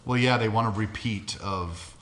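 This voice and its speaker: Blunt low-voiced man chatting games. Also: normal speed, background noise. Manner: blunt, opinionated, swears freely. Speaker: podcast co-host. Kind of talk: casual gaming podcast chat.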